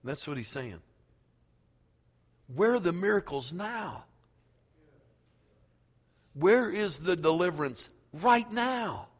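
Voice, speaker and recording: A male pastor preaching a sermon slowly and emphatically, reading scripture aloud in a church. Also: high voice, lively intonation, in a large hall.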